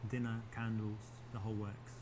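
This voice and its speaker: A man's voice: fairly low pitch, little pitch movement, moderate pace, noisy background, close to an everyday voice. An actor with a London accent playing a cocky, flirtatious British man chatting up a woman, boastful and chatty with frequent ums. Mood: flirty. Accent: London English. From England. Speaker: date in a dating video game.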